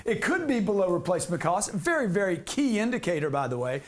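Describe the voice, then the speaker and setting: A man's voice: high-pitched, big pitch swings, fast talker, few pauses. A man giving a live real estate seminar to an audience, brash and slangy, cracking jokes as he teaches.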